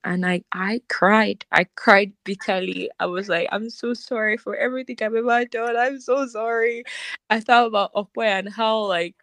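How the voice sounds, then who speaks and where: A woman's voice: fairly low pitch, a bit bright, dry recording. A young woman co-hosting a podcast, telling her personal faith testimony in an earnest, emotional way, with "like" in nearly every sentence. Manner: earnest, emotional, says "like" often. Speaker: podcast co-host. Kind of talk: personal testimony, casual chat.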